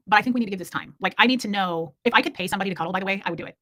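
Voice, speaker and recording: A rapid-fire woman in her forties chats frankly on her livestream, rambling and joking as she answers her viewers. Her voice is bright and forward, recorded close and dry with no room sound. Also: mid-range voice, no echo. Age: 40s. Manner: candid, rambling, jokey, reacts to chat. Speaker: livestream host. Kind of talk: casual livestream chat reading comments.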